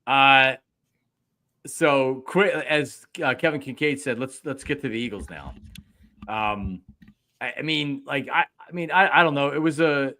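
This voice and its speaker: Man, middle-aged, sports podcast host, animated, bright voice. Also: mid-range voice, unhurried. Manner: excitable, acts out his own reactions. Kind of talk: casual sports chat.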